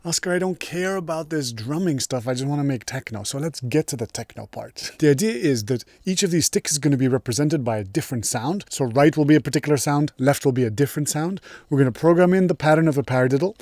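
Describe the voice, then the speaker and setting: A man's voice: fairly high pitch, a little mellow, no echo. A man teaching music production in a casual, chatty tutorial, upbeat and enthusiastic. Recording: music playing behind.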